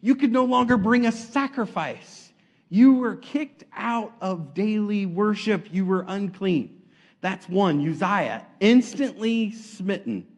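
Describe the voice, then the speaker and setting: High-voiced man preaching a sermon. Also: slow pace. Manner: lively storytelling, acting out quotes, casual.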